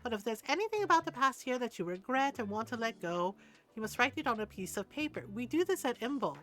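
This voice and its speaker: An older woman reading aloud the lines of a friendly villager who hosts a summer bonfire in a game, in a plain, calm voice. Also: a little high, quick pace.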